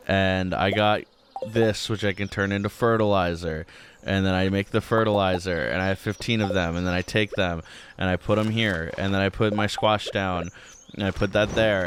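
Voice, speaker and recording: A man's voice: low-pitched, a little hiss or hum. A man hosting a gaming channel, rambling casually through let's-play commentary with many filler words.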